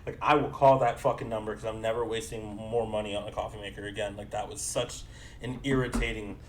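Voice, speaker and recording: A man's voice: on the low side, steady tone, brisk, a little hiss or hum. A young man co-hosting a podcast, telling a long, rambling story in casual chat, swearing freely and acting out both sides of a conversation. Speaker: podcast co-host.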